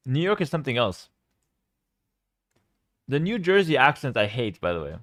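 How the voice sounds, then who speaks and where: A man chatting casually as a game streamer, animated and opinionated. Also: medium pitch, normal speed, dry recording, studio quality. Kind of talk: casual chat.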